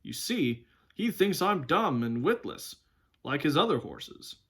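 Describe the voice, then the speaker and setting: A man's voice: fairly high pitch, big pitch swings, measured pace, fairly bright tone, slightly rough, exaggerated voice. A man voicing a proud, stern talking male war horse in a storybook read-aloud, lofty and scornful of humans.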